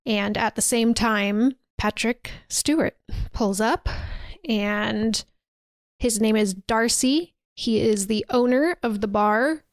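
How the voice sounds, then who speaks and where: A woman's voice: fairly high pitch, takes it slowly, no room sound, studio quality. Chatty woman recapping a movie. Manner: chatty, acts out quotes, swears freely. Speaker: podcast host recapping a movie.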